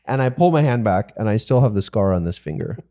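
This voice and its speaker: A man's voice: lowish voice, fast talker. A man co-hosting a podcast, telling a self-mocking story about a job-site injury in a casual way. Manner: self-mocking, animated when quoting himself. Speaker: podcast co-host, builder.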